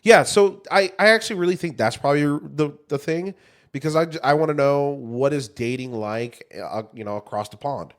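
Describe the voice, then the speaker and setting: A man's voice: a little high, moderate pace. A man in his thirties co-hosting a podcast, chatting loosely, swearing freely, full of fillers and restarts. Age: 30s. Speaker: podcast co-host. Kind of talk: casual chat.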